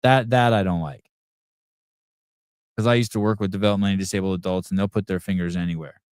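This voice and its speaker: A middle-aged man talks off the cuff on his podcast, profane and rambling, answering chat messages as they come in. His voice sits low, and the sound is dry and close with no room in it. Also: fairly even intonation, quick pace, a little mellow, clean tone, no echo. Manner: profane, rambling, reads chat comments aloud. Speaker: podcast host. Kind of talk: crude off-the-cuff livestream chat.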